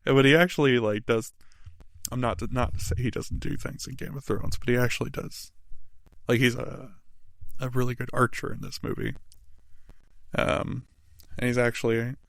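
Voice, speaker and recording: A man's voice: mid-range voice, fairly even intonation, normal speed, creaky, pauses often, no echo. A young man casually reviewing a movie as a podcast host, rambling with restarts and frequent laughs.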